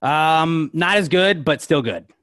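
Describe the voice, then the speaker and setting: A man's voice: fairly high pitch, expressive, takes it slowly, fairly bright tone, dry recording, studio quality. A young man co-hosting a podcast, chatting casually in a rambling way full of "like" and restarts. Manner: rambling, filler-heavy, lots of "like". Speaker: podcast co-host. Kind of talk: casual chat.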